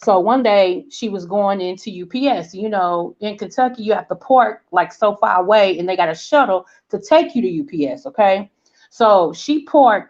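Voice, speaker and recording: A woman in her forties with a Southern American accent, telling a story in casual chat and acting out the voices of people in it. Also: mid-range voice. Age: 40s. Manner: animated storyteller, acts out quoted voices, checks in with "okay?". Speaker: vlog host. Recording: dull lo-fi sound.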